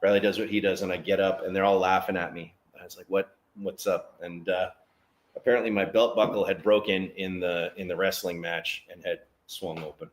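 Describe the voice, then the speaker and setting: A man's voice: sits low, a little fast. A man, a guest and business owner, telling a story in conversation and acting out the other people's lines. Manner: animated storyteller acting out dialogue.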